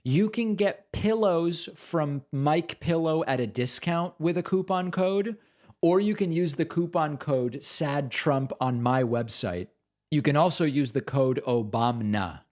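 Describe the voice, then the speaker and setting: A man's voice: a little high, expressive, measured pace, a little mellow. Chatty man hosting a livestream. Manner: chatty, rambling, reads out supporter names. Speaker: host. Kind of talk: casual livestream chat.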